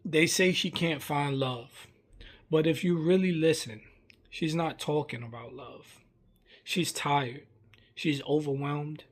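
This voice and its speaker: Earnest man giving slow reflective commentary. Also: fairly high pitch. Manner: earnest, measured, speaks in short plain phrases. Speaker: commentary vlogger.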